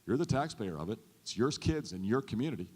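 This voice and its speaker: A man's voice: fairly low pitch, big pitch swings, fast, a little mellow, breathy edge. A man in his fifties, a state governor, giving an earnest, folksy stump speech that often repeats itself. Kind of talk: stump speech to a chamber audience. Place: large event hall. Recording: long hall reverb.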